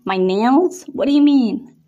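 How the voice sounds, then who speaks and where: A woman's voice: a little high, expressive, unhurried, warm tone, highs cut off, voice pushed up. A woman voicing a nervous, flustered young male college freshman who protests and pleads, reading aloud from a storybook.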